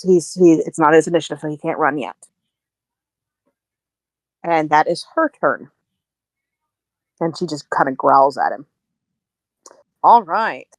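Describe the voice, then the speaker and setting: A woman's voice: lowish voice, no echo. Lady running a tabletop game, chatty, lots of ums and laughs, dry close mic. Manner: chatty, lively, with hesitant fillers and chuckles. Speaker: game master.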